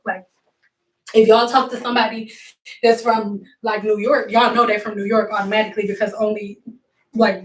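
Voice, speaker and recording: A blunt, straight-talking hair stylist from Detroit, USA chats back to her viewers on a casual livestream while she works. Her voice is a little high. The room is echoey, and the mic sits at a distance.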